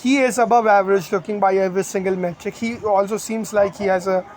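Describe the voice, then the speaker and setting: A man's voice: high voice, fairly even intonation, fast, a little mellow, poor audio. A man giving blunt, rambling online commentary, crude and opinionated.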